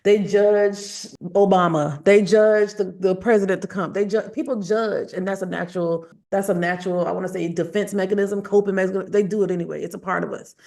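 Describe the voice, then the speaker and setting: A woman, a psychic medium, talking in an animated, emphatic way, repeating phrases for effect. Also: medium pitch, a little fast, gravelly, hardly any pauses. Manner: emphatic, repeats phrases, acts out quoted voices. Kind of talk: animated storytelling in conversation.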